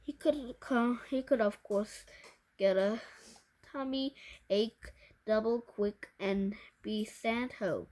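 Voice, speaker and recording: Woman reading a storybook, halting. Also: fairly high pitch, darkish tone. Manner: halting, restarts words often. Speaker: storybook reader. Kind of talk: reading a children's book aloud.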